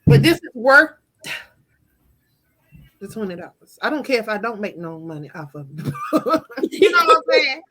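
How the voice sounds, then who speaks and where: Animated, laughing woman host. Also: mid-range voice, moderate pace, pauses often. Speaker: book author and host. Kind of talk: casual group chat.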